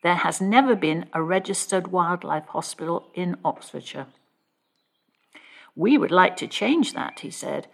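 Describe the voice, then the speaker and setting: A woman reads a local news bulletin in a low, gravelly voice. Her delivery is measured and even, in a plain newsreader manner. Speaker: news reader.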